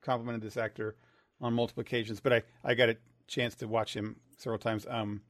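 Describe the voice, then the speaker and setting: A man's voice: medium pitch, little pitch movement, quick pace, fairly bright tone, no room sound. A man co-hosting a podcast in casual chat, often stumbling and restarting his words. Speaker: podcast co-host.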